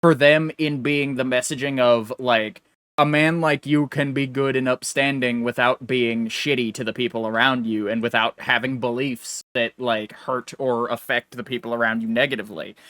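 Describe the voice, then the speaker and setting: A young adult man co-hosting a podcast, talking in casual, rambling chat that is animated and full of restarts. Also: mid-range voice, normal speed, no echo. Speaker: podcast co-host.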